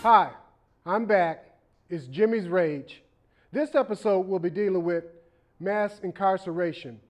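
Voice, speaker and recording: A man's voice: high-pitched, measured pace. A man hosting a segment, delivering a dramatic, pleading mock appeal. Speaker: segment host.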